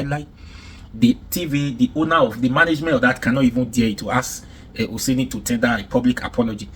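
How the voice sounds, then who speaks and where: A man's voice: mid-range voice, a little hiss or hum. A man with a Nigerian accent giving heated reaction commentary, indignant and emphatic, with lots of repetition. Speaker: commentary vlogger.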